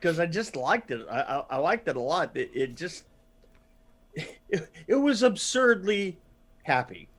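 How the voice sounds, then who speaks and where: A man co-hosting a podcast in casual chat, halting with many fillers and restarts and laughing often. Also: a little high, big pitch swings, fairly bright tone. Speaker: podcast co-host.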